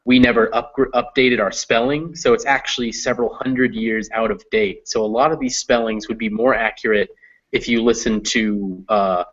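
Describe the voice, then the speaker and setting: Patient, low-voiced male English tutor. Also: fairly bright tone, highs cut off. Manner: patient, explanatory, many fillers. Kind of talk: one-on-one reading lesson.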